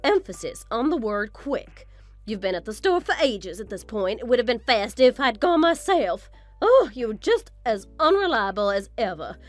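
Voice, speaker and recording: A woman's voice: fairly high pitch, very animated, normal speed, faint music behind. A woman voicing a vain, condescending mother-in-law in a scripted story drama. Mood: scornful. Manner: condescending, boastful, theatrical. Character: haughty vain older mother-in-law, scornful.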